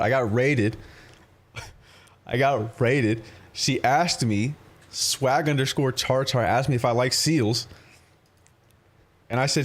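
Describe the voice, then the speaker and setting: Slow and fairly even in intonation, this medium-pitched man pauses often while chatting casually with his livestream viewers. He rambles through curse-filled stories and keeps laughing along the way.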